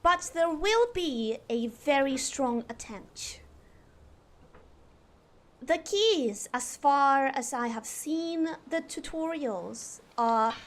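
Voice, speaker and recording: A woman's voice: high voice, expressive, heavily acted. A woman putting on a posh British lady. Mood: earnest. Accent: put-on posh British (received pronunciation). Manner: slow, deliberate over-enunciation of every letter and long vowels. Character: prim posh English lady, careful and proper. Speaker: streamer. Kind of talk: live game stream, accent challenge.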